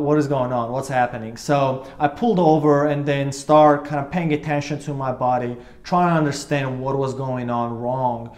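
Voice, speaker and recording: His mid-range voice has a slightly mellow quality as he shares a personal experience on camera. The vlogger, a man in his twenties, is sincere yet meandering, restarting often and leaning on filler words.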